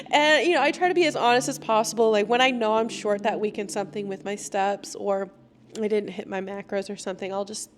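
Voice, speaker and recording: A young adult woman hosting a casual solo podcast, chatty and laughing often, sometimes acting out quoted lines in a higher voice. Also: normal speed, long pauses, slight background noise. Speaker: podcast host.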